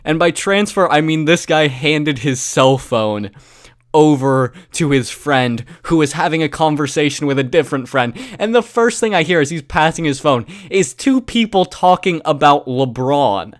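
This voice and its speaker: A young man, a YouTuber, telling a story to his viewers in a sarcastic, deadpan way. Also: a little high, moderate pace, dry recording, studio quality. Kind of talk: casual storytelling vlog.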